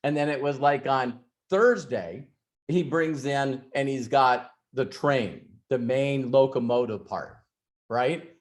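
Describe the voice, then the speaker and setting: A man's voice: medium pitch, slow. Rambling male host telling a story. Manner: rambling, frequent restarts and asides. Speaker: host of an ask-me-anything session. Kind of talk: casual storytelling and advice.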